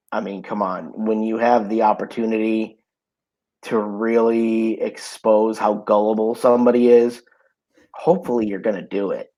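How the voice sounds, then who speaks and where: A man's voice: fairly low pitch, rough recording. A man co-hosting a casual podcast, telling stories in an easygoing way with lots of fillers. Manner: relaxed storytelling, many fillers. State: has the hiccups. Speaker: podcast co-host. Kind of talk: casual chat. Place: home.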